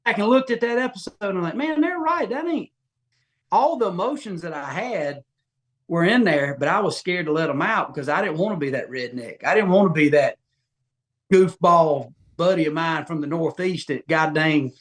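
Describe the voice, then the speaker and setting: A middle-aged man from Georgia with a Southern accent, a podcast guest telling folksy, animated stories and acting out quotes. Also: a little high, moderate pace. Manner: folksy, animated, acts out quotes with big voice jumps. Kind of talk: casual storytelling interview.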